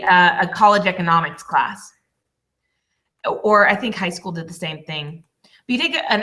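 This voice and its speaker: A woman in her twenties, a business coach teaching a casual lesson, chatty and quick to laugh. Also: mid-range voice, pushed and bright. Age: 20s. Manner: chatty, laughs often, apologizes.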